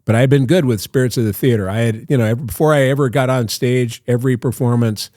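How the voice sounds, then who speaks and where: A man's voice: medium pitch, fast, warm tone, no room sound, studio quality. An older man, a guest actor in an interview, telling long anecdotes in a loose, self-interrupting way. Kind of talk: casual storytelling interview.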